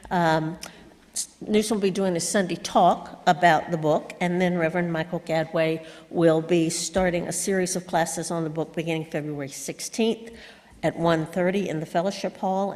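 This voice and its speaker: Female announcer, low-ish voice, long reverb of a church hall. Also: a little mellow. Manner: plain, with frequent uh fillers.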